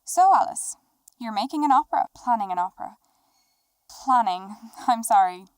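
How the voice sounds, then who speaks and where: A woman voicing a young woman who acts as a teasing talk-show host and interviews herself in an animated film. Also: a little high, normal speed, smooth, no room sound, lightly acted.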